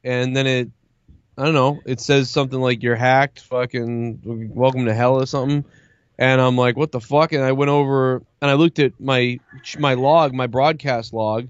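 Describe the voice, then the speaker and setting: A man talking casually on a stream, telling a long story and swearing often as he quotes what people said to him. His voice sits at a middle pitch. It comes through a dry, dull, lo-fi mic. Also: fairly even intonation, normal speed, clear, resonant tone, no echo. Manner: profane, rambling storytelling with lots of quoting. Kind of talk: casual chat.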